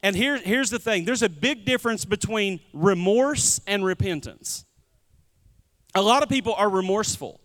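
A man's voice: high-pitched, expressive, normal speed, a bit bright. A man, a pastor preaching a conversational sermon and calling out to the congregation. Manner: conversational preaching with audience call-outs. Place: church sanctuary. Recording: long hall reverb.

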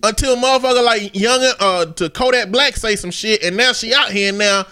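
High, bright-voiced joking podcast man. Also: fairly quick, clean tone. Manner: loose, joking storyteller. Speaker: podcast co-host. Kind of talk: casual chat.

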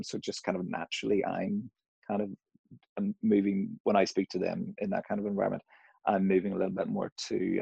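A man's voice: low-pitched, creaky, darkish tone, breathy edge, no echo, muffled recording. A middle-aged man with a Northern Irish accent touched by American, talking casually in an interview, hesitant with many fillers and restarts. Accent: Northern Irish, slightly Americanized. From Northern Ireland.

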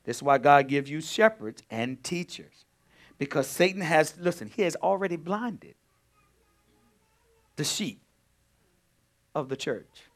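A man preaching a sermon as pastor, swinging between quiet talk and loud, urgent emphasis. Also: a little high, expressive, unhurried, long pauses.

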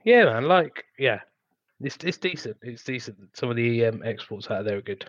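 A man's voice: mid-range voice, animated, moderate pace, no room sound, lo-fi sound. A man with an English accent, co-hosting a podcast in laid-back, sheepish casual chat. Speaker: podcast co-host.

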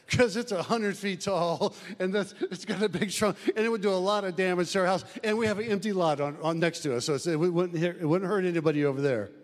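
A man's voice: high voice, a little fast. A man from the US Midwest preaching a sermon in a folksy, conversational way. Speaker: pastor. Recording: long hall reverb.

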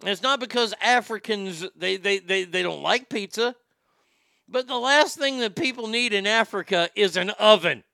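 A man hosting a comedy podcast, delivering an irreverent, rambling monologue with deadpan jokes. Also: high-pitched, normal speed, gravelly, dry recording, studio quality.

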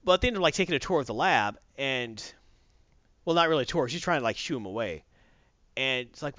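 A man retells a story in a loose, rambling chat, stopping to correct himself. His voice is bright and swings around a lot. The sound is dry and somewhat lo-fi. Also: medium pitch, fairly quick, no echo. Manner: animated, rambling, self-correcting. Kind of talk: casual story recap.

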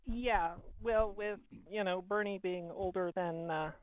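A man's voice: high voice, fairly even intonation, unhurried. A man from Colorado calling into a talk radio show, speaking casually with some hesitation. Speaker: radio caller. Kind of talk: phone-in call. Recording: tinny phone line.

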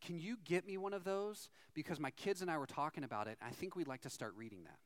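A man's voice: fairly high pitch, lively intonation, fast, close to an everyday voice. A man voicing a blunt, skeptical mother in a retold story. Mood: eager. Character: brusque, skeptical mother at a hockey rink.

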